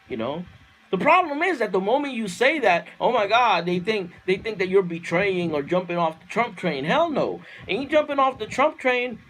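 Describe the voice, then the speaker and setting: A man ranting on a livestream, fiery and profane, repeating himself and climbing into shouted outbursts. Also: high voice. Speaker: livestream host reading viewer comments. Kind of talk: heated political rant on a livestream.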